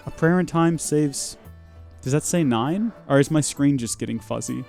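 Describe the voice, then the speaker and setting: A man's voice: a little high, moderate pace, gravelly, darkish tone, faint music behind. A man hosting a live game stream, with goofy, rambling and chatty commentary.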